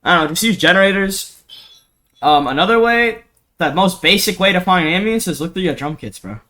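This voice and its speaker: A young man with a bright, slightly sharp, high-pitched voice records a casual screen-capture tutorial on home production. He's animated and brisk, rambling loosely with plenty of slang, filler words and swearing. The sound comes from a cheap desk mic in his home studio.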